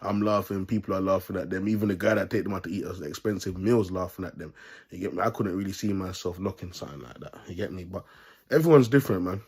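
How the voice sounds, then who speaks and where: Man, low husky voice, loose preacher vlog, repeats his catchphrase constantly. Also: fast talker, darkish tone. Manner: repeats "you get me" as a constant tag; laughs between points. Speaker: self-styled preacher vlogger. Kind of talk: casual preachy monologue to camera.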